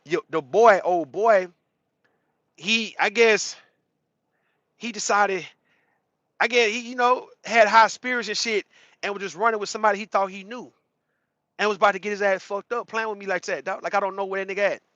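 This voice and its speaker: A man's voice: sits high, steady tone, normal speed, long pauses, pushed and bright, no room sound. A man hosting a livestream in casual, slangy, profane talk, greeting chat viewers as he rants, on slightly dull lo-fi audio. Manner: blunt, slangy and profane, greets chatters mid-rant. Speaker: livestream host.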